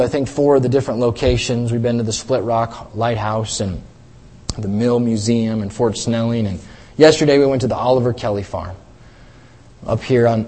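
A man's voice: mid-range voice, a little mellow. A middle-aged man preaching a sermon, earnest and repetitive, reading scripture aloud between plain stories. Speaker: pastor. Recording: long reverb in a hall.

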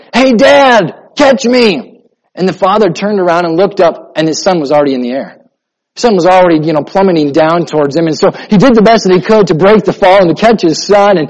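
A man pastor preaching a sermon, swinging between loud emphatic lines and soft, hushed ones. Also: high voice, poor audio.

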